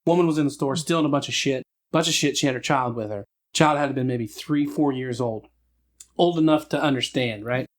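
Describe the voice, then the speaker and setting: A man's voice: medium pitch, a little fast. A man in his thirties, a podcast co-host telling profane stories and acting out the people in them. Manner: profane, animated storyteller acting out quoted people. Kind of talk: casual chat, storytelling.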